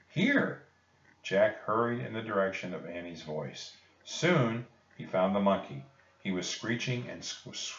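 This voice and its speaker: A man reading a children's storybook aloud in a calm, measured way. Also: deep voice. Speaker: narrator. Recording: echoey, distant and muffled.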